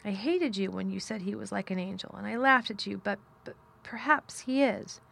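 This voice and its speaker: A woman reading aloud, voicing a frail, excitable sickly boy in a storybook with eager, breathy outbursts. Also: mid-range voice, moderate pace.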